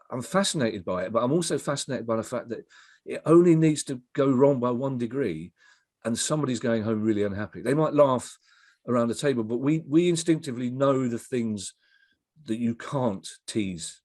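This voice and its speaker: This casual interview features a middle-aged comedy writer as guest, a rambling storyteller who keeps interrupting and restarting himself. His medium-pitched voice is animated and a little mellow at a moderate pace, in a dry, clean studio recording.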